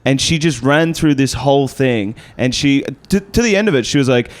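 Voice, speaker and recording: A man's voice: medium pitch, expressive, normal speed. A man, a guest comedian, telling a story in a laid-back, wry way during a casual chat.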